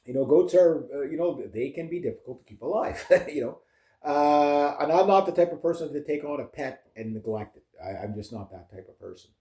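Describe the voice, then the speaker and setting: A man's voice: fairly high pitch, animated, fairly quick, warm tone, reverberant. A man from Canada telling rambling farm stories as a vlogger, chatty and laughing often, with lots of fillers. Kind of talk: casual rambling storytelling.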